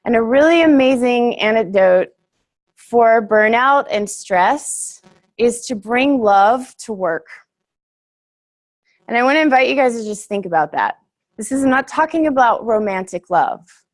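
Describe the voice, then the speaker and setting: A woman's voice: on the high side, animated, a little slow. A young woman giving a casual, earnest workshop talk to a group, chatty and full of fillers, laughing easily.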